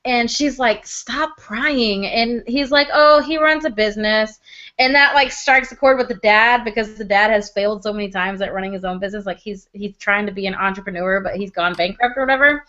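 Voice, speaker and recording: A woman's voice: mid-range voice, fairly even intonation, brisk, few pauses, sharp tone, lo-fi sound. A young woman reviewing a TV drama in casual chat, gushing and laughing as she acts out characters' lines.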